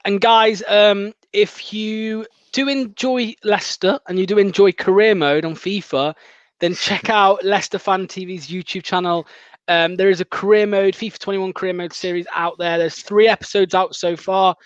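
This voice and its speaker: A young man with a high voice rambles and jokes through a fan show, full of fillers and quick asides. His voice comes through dull and dry, like muffled video-call audio. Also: steady tone, clear, resonant tone, dry recording. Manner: chatty, jokey, rambling with many fillers. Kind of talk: casual chat.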